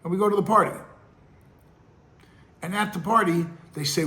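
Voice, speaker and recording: A man's voice: high voice, moderate pace, pauses often, bright, forceful tone. A middle-aged man, hosting his own show with casual, rambling commentary full of restarts and acted-out quotes. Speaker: podcast host.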